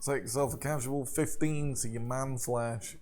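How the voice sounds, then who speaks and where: A man's voice: medium pitch, fairly even intonation, normal speed, a little mellow. A man narrating as game master of a tabletop game, playful and laughing often.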